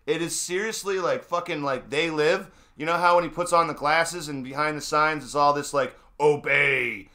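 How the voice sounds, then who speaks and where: A man's voice: fairly high pitch, moderate pace, few pauses, sharp tone. A man in a casual political chat, ranting and swearing, mocking the people around him. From New England. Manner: ranting, profane, mocking voices. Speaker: stream co-host.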